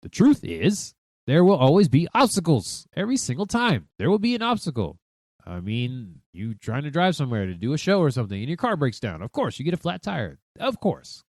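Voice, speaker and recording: Man, 30s, podcast host, profane, emphatic, self-talking, lively swinging pitch, somewhat high voice. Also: fairly quick, no room sound, clean studio sound. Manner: profane, emphatic, animated, talks to himself. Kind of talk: solo podcast monologue.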